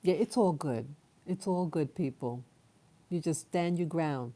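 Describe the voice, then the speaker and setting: A woman vlogger telling a personal story in a halting, rambling way with many fillers and restarts. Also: fairly low pitch, lively intonation, dark tone.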